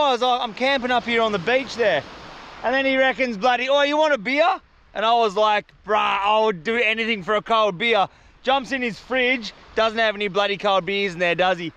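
High, clear excitable Australian man. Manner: excitable, slangy, talks straight to camera. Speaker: survival vlogger. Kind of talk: casual outdoor vlog. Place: outdoors on a beach in the bush.

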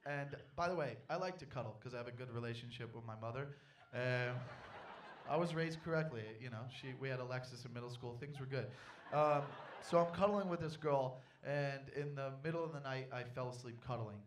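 A young man performing a stand-up comedy set on stage, telling a story with animated, loud panicky outbursts. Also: medium pitch, fairly quick, distant mic, slight background noise.

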